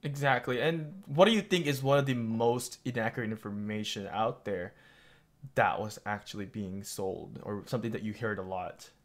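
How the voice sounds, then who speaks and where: A man with a Filipino accent hosting a casual discussion, phrasing his questions in a loose, halting way. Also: on the low side. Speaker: channel host.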